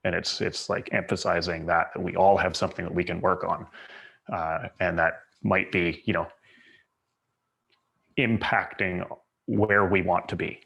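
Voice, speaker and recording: A man's voice: fairly even intonation, measured pace, fairly bright tone. A man, a guest speaker telling stories in a thoughtful way, often repeating and restarting his phrases. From Canada. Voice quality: low gravelly husky voice. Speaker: guest speaker, Paralympic athlete. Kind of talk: reflective storytelling talk.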